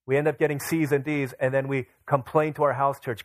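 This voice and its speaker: A man's voice: mid-range voice, level tone, a little fast, dry recording. A young man pastor preaching a sermon, telling a family story and acting out his children's voices.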